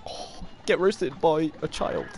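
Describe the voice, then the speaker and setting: A sixteen-year-old boy streaming a game, excitable and swearing, shouting at the game. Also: on the high side, takes it slowly, faint music behind. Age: teens. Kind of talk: live gameplay commentary.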